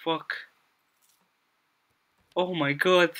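Casting: young male gaming YouTuber with a bright, clear tone; jittery, stammering play-by-play that jumps into panicked repeats. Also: a little high, fairly even intonation, very slow. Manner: jumpy, panicky reactions with frequent swearing and repeated phrases; mutters to himself, stammering restarts. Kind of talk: gameplay commentary.

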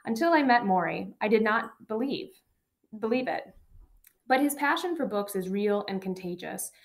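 A woman reading a first-person memoir aloud as an audiobook narrator, steady and even. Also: medium pitch, normal speed.

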